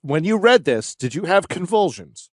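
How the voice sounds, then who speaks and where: A man's voice: high-pitched, very animated, moderate pace, no echo. A man co-hosting a comedy podcast, joking around and teasing the others with dry quips. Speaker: podcast co-host. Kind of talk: casual joking banter.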